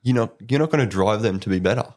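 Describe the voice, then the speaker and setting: A man's voice: lowish voice, fast. A young man with an Australian accent, chatting casually as a podcast guest and laughing through his stories. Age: young adult. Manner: relaxed storyteller, laughs while telling stories. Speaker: guest, apprentice electrician. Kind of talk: casual interview chat.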